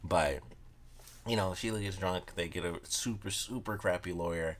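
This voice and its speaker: Deep-voiced guy chatting thru a review, keeps saying like, laughs a bunch. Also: moderate pace, a little hiss or hum. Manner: rambling, laughs often, says "like" a lot. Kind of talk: casual solo review.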